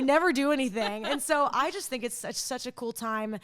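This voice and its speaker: A young woman, a country singer, talking as a podcast guest in an animated, chatty way, full of fillers as she tells a story. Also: high voice, a little fast. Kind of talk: casual interview chat.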